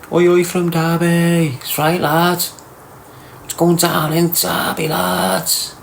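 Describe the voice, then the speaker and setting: Slight background noise accompanies a middle-aged man with a Liverpool accent and a fairly high voice. Hosting a livestream, he reads chat comments aloud and fires back crude, teasing, slangy banter.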